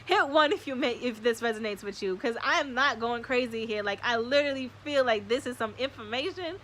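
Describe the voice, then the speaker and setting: A young woman hosting a spiritual live stream, speaking in an excitable, slangy way and swearing often. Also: a little high, a little fast, hardly any pauses.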